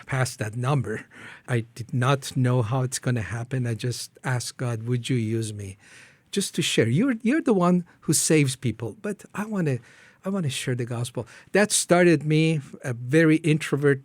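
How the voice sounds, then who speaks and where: An earnest middle-aged Iranian man, a ministry founder appearing as an interview guest, shares his personal testimony. He speaks haltingly, acting out his own prayers with rising pitch, and there's no room sound.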